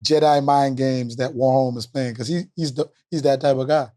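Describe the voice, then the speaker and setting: A man's voice: medium pitch, fairly even intonation, normal speed, mellow. A middle-aged man, a coach and co-host, talking in a teasing, laid-back way in a casual sports chat.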